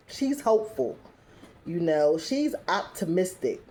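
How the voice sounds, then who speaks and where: A woman's voice: lowish voice, animated, unhurried, dark tone. A young adult woman giving a casual recap review, chatty and full of fillers, with blunt, sassy asides.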